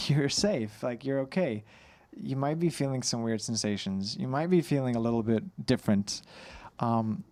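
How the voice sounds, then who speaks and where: A man answering questions as an anxiety coach on a live Q&A, a little on edge, calmly guiding listeners through a breathing exercise. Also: medium pitch, moderate pace. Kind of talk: live Q&A advice.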